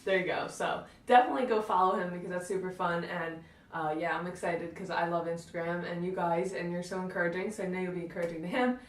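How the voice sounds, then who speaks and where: A woman's voice: fairly low pitch, steady tone, quick pace, recorded from a distance, slight background noise. Bubbly young woman in a roomy room. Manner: bubbly, many "like" fillers. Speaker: vlog co-host. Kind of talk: casual chat. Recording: roomy sound from off-mic.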